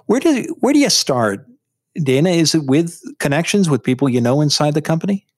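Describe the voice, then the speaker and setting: A man's voice: on the high side, very animated, fairly quick, dry recording, studio quality. A man hosting an interview and asking direct questions that prompt his guest. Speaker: interview host.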